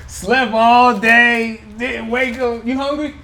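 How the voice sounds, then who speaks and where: A man's voice: very high voice, level tone, takes it slowly, sharp tone, slight background noise. A man hosting a casual food vlog, playful and teasing as he talks to viewers at home. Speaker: food vlogger. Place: indoors at home.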